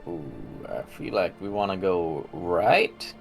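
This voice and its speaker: A man's voice: low-pitched, takes it slowly, over music. A man playing a tabletop game, casually thinking aloud about which way to go. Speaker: player.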